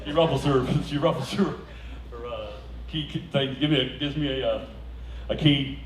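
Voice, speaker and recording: A man giving an animated storytelling speech to a live audience at a celebration, laughing through his punchlines. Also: mid-range voice, normal speed, a crowd in the background. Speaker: speaker at a celebration. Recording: echoey room heard from a distance, faint background noise.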